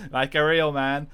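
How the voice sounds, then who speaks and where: A man's voice: on the high side, a bit bright, clean tone. A man putting on a cheeky Cockney streamer. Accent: put-on Cockney. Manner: hammy, boisterous banter. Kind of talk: jokey put-on accent while streaming.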